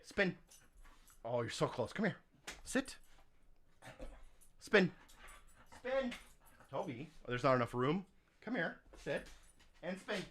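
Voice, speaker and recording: A male streamer in his home office, chatting casually with viewers and coaxing his dog through tricks with high, sing-song commands. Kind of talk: casual live stream chat.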